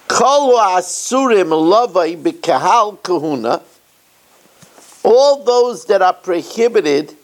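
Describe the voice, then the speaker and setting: A man's voice: sits high, creaky. A man, a rabbi, giving a daily Talmud lesson. He reads Aramaic phrases aloud, explains them in English, and slips in playful asides. He sounds a little winded. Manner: animated teacher with playful asides.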